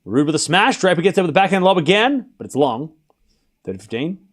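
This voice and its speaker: Between points, a male streamer throws in quick jokes while doing casual live play-by-play of tennis as a watchalong host. He sounds excitable, his fairly high voice swinging lively in pitch.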